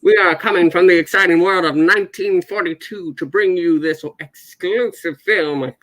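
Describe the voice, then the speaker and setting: A man putting on a 1940s radio announcer voice, with grand, drawn-out delivery. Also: high-pitched, fairly bright tone. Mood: grandiose.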